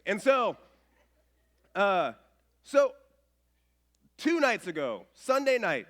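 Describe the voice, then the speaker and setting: A man in his thirties preaching a casual, self-mocking sermon with stories, dropping to a soft voice when quoting others. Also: sits high, slow pace. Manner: animated, self-mocking, drops to soft voice for quotes. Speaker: pastor. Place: church stage.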